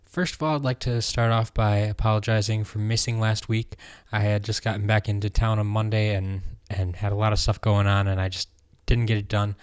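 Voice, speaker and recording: A man hosting a casual fan news roundup, relaxed and rambling with plenty of ums and restarts. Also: lowish voice, fairly quick, clean tone, dry recording, studio quality. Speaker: host of a fan news show.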